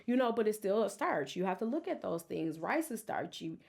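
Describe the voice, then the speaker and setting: Gravelly-voiced woman hosting a faith podcast. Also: medium pitch, sing-song, fairly quick, a little mellow. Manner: earnest, testifying, emotional. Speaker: podcast host. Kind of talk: personal faith podcast talk.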